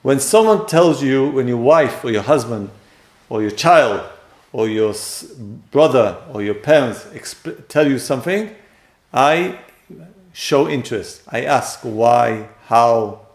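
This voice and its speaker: Gravelly man teaching in an echoey room. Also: mid-range voice, expressive, slow pace. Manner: acts out quoted speakers with sudden loud jumps. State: voice a bit strained. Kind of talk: lecture on relationships.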